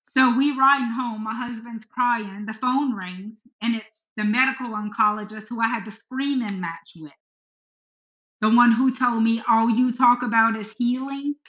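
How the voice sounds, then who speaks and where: A woman's voice: fairly high pitch, fairly even intonation, a little slow, fairly bright tone. A middle-aged woman, a podcast guest, telling a personal story earnestly and frankly about her faith. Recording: echoey room, dull sound.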